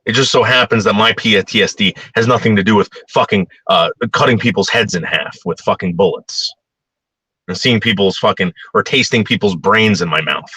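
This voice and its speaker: A man's voice: fairly low pitch, moderate pace, pushed and bright, slightly rough, dry recording, rough recording. A man ranting bluntly in a heated, profane opinion monologue.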